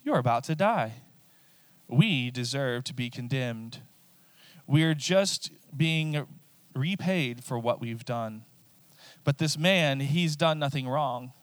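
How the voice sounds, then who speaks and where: A man's voice: mid-range voice, lively intonation, takes it slowly, dry recording. Earnest condemned criminal pleading, a preacher guy reading it, dry close sound.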